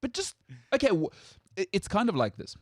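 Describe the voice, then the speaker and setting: Animated sports host. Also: male voice, fairly quick, dry recording, clean studio sound. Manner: animated, jumps high in pitch when outraged. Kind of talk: opinionated casual sports chat.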